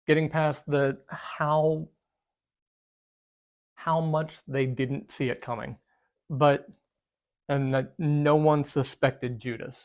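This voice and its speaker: A Bible study co-host talking through scripture in a casual discussion, thoughtful and halting as they search for words. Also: medium pitch, level tone, darkish tone, dull audio.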